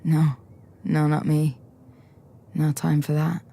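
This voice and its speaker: Woman voicing a quiet, flat ghost woman. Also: low voice, slow pace, vocal fry, full character voice. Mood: cool. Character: staring ghostly woman, calm and unreadable.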